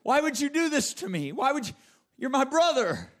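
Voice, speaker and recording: Male actor as a desperate teenage boy, anguished pleading, higher voice, repeating himself. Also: brisk, darkish tone, breathy edge. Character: desperate seventeen-year-old boy pleading with brothers.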